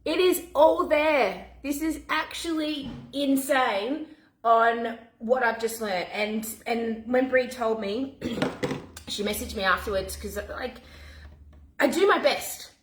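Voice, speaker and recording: A woman, chatting casually to camera as a mum vlogger, animated and talking in quick bursts with restarts. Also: fairly high pitch. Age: 40s. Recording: echoey room.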